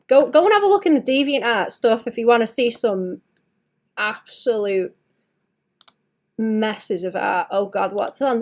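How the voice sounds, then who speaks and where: Woman, late twenties, artist streaming while she draws, casual, swears a lot, slightly high voice. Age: late 20s. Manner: chatty and profane, laughs at herself. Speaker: artist livestreamer. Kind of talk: casual livestream chat while drawing.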